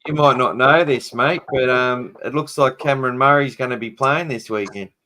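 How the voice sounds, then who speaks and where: A man's voice: medium pitch, normal speed, pushed and bright, slight background noise. A man with an Australian accent hosting a live podcast in casual, jokey chat. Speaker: podcast host.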